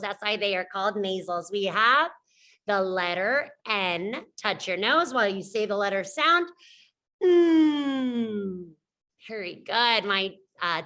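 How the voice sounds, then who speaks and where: A woman teacher leading a children's phonics lesson, encouraging and modeling each sound slowly. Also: mid-range voice, sharp tone.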